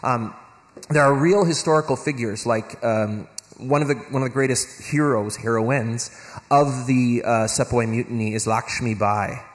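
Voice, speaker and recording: Male guest speaker at a convention, lively, trips over words, long hall reverb. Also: mid-range voice, unhurried. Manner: animated, acts out quoted voices, many restarts. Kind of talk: convention talk.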